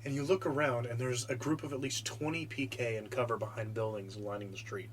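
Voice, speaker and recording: A man narrating as game master of a tabletop game, relaxed and loose, with many fillers. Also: medium pitch, brisk, a little hiss or hum.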